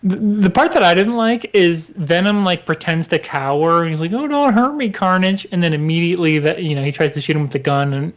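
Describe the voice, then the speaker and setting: A man co-hosting a casual comics podcast, animated, laughing often and slipping into quick character voices. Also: fairly high pitch, lo-fi sound. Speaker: podcast co-host.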